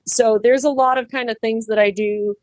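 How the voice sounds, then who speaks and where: A woman's voice: a little high, moderate pace, no echo. Chatty woman pig trimmer, dry sound. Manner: animated, acts out quoted voices, laughs easily. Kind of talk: casual interview talk.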